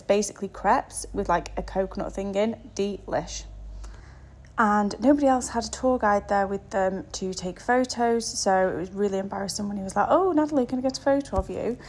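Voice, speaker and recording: A woman's voice: mid-range voice, darkish tone. A woman narrating her travel vlog in a chatty, self-deprecating way, with plenty of fillers. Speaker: travel vlogger.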